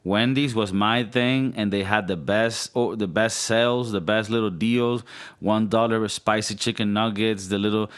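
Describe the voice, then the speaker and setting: A man's voice: fairly low pitch, fairly even intonation, normal speed, clear, resonant tone. Laid-back man from Venezuela chatting. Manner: rambling, laughing, swearing. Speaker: podcast co-host. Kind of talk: casual chat.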